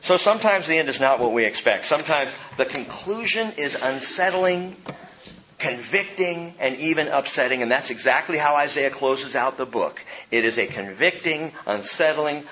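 A male pastor preaching a verse-by-verse sermon with emphasis, his voice rising and falling between soft and loud. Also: a little high, dull audio.

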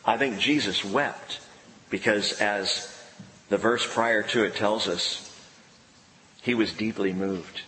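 A man preaching a sermon in an emphatic way, with dramatic pauses and sudden drops to a hushed voice. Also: fairly low pitch. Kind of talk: expository sermon. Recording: echoey hall with long reverb, faint background noise.

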